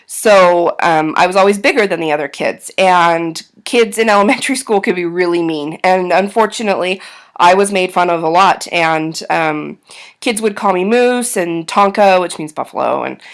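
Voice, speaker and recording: A woman's voice: on the low side, moderate pace. A woman in her thirties talking candidly to camera in a casual vlog, self-deprecating and full of ums. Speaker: vlogger.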